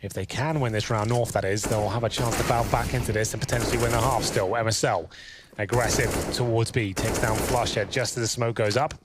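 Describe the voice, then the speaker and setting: A man calling an esports match, giving measured, analytical play-by-play. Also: on the low side, steady tone, very noisy. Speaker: esports caster. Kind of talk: play-by-play commentary.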